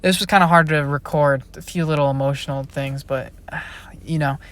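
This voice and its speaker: A man's voice: on the high side, fairly even intonation, brisk, a bit bright, no room sound. A young man, a college-age YouTube creator, chatting casually and rambling through a Q&A, often trailing off. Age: young adult. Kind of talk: casual Q&A chat.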